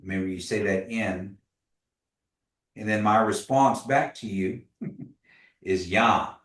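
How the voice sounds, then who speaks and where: A man's voice: lowish voice, takes it slowly, fairly bright tone. A man teaching a language class in a casual way, patiently modeling pronunciation and telling stories. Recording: echoey room, voice from a distance.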